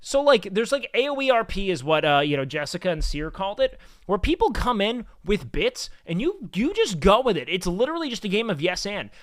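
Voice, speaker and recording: A man's voice: sits high, big pitch swings, fairly quick, few pauses, dry recording, studio quality. A man streaming, chatting casually and telling rambling, profane stories.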